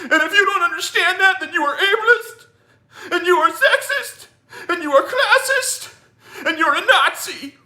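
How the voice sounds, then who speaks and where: A man mimicking a whiny, self-righteous online arguer in a shrill voice. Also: animated, normal speed, bright, forceful tone, reverberant, full character voice. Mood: mocking.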